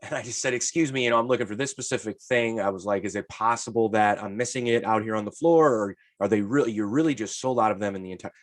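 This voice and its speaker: A man co-hosting a podcast, telling stories in casual chat with lots of swearing and lively retellings. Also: fairly low pitch, fast, few pauses, no room sound. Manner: profane, animated storyteller. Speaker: podcast co-host.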